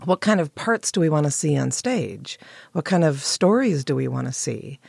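A woman playwright, hoarse with morning voice, clearing her throat and answering interview questions thoughtfully with pauses and restarts. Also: low voice, lively intonation, darkish tone, no echo. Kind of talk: interview guest.

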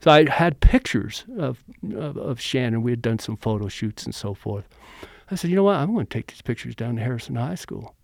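A man's voice: medium pitch, a little fast, gravelly, no room sound. A middle-aged man recounting a story in a loose, conversational way, and his voice jumps up whenever he acts out what someone said. The sound is close and dry, with no room around it. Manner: animated, acts out quotes. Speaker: interviewee, former bodyguard. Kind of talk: casual storytelling.

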